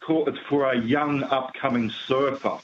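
A man's voice: medium pitch, fairly even intonation, normal speed. A man calling in to a radio show, hesitant and searching for words. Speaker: caller. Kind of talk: phone-in question. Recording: dull phone-in line with faint noise.

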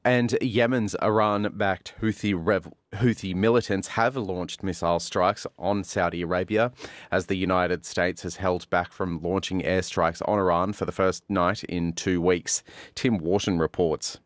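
Deep-voiced male newsreader. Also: fairly even intonation, dry recording. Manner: measured, formal delivery. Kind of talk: radio news bulletin.

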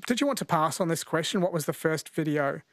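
Radio quiz host man, slightly high voice. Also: animated, fast talker, no room sound, studio quality. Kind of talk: radio call-in quiz hosting. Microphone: studio mic.

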